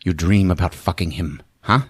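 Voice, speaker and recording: A man playing a brooding, predatory young man in a low, hushed, menacing murmur. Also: moderate pace, slightly rough, dry recording, clean studio sound. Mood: leering.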